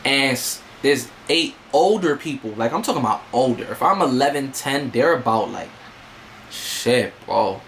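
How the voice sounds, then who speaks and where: A man's voice: medium pitch, lively intonation, a little slow, a bit bright, slight background noise. A man telling a story in a casual, slangy, streetwise way, full of fillers. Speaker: vlogger.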